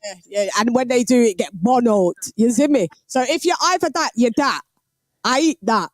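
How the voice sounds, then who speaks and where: Woman, boxing stream host, slangy animated banter, dry close sound. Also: fairly high pitch, moderate pace, no room sound. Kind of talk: casual livestream commentary.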